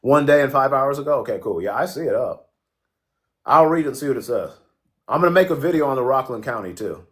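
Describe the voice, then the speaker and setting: This casual livestream host is a man with an expressive, mid-range voice and a fairly bright tone, and he speaks fast. He's full of jokes and profanity, reacting to the chat as messages come through.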